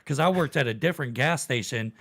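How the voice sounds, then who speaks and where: A man's voice: mid-range voice, lively intonation, fast, vocal fry, a bit bright. A man hosting a podcast, telling a story in casual, profane chat. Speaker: podcast host.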